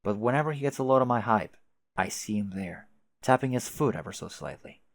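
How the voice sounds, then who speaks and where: A man's voice: mid-range voice, animated, brisk, creaky, no room sound. A young man voicing a sardonic, self-mocking young guy who talks dryly and swears casually. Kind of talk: reading a webcomic aloud, voicing characters.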